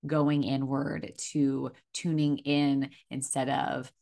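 Brief: woman, 30s, podcast host, casual and affirming, very low voice for a woman. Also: flat delivery, slow, creaky. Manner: warm affirming listener, lots of "like" and "mm-hmm".

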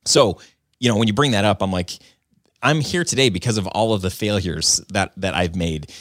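A man's voice: fairly low pitch, moderate pace, a bit bright, dry recording, clean studio sound. A man who runs a video business, telling his story in an earnest, rambling way, full of "like" and "um". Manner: rambling, filler-heavy with frequent "like" and "um"; earnest and self-reflective. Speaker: video business owner and podcaster. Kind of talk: casual conversational storytelling.

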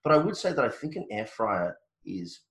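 A man's voice: on the low side, sing-song, normal speed, reverberant, poor audio. An Australian man co-hosting a podcast, chatting in a laid-back, joking way with frequent restarts. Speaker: podcast co-host. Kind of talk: casual chat.

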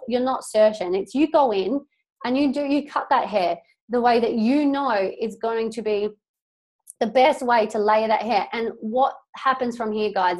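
A young woman hosting a solo motivational podcast, talking casually and emphatically, swearing freely as she coaches her listeners. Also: on the high side.

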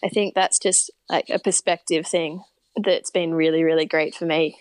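A woman's voice: low voice, fairly even intonation, normal speed, no room sound. An upbeat, enthusiastic woman with an Australian accent, chatting casually as a podcast guest. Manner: upbeat, enthusiastic, laughs easily. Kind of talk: casual interview chat.

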